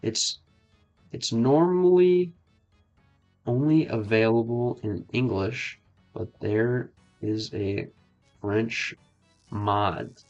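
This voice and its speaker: A man's voice: medium pitch, a little mellow, dull audio, soft background music. A man chatting casually while streaming a game, trying out phrases and often stopping to repeat himself. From United States. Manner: halting, repeats and tries out phrases. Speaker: streamer learning French. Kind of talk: casual gameplay chat.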